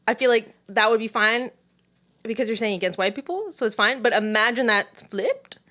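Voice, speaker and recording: A woman's voice: a little high, animated, moderate pace, bright, forceful tone. A young woman co-hosting a podcast in casual chat, making wry, laughing asides. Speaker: podcast co-host.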